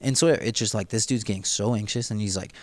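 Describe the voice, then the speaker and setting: A man's voice: lowish voice, fast. A man casually reading through a novel and talking it over, rambling and slangy, with lots of "like" and "dude". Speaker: book reader and commentator. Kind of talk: casual book read-through commentary.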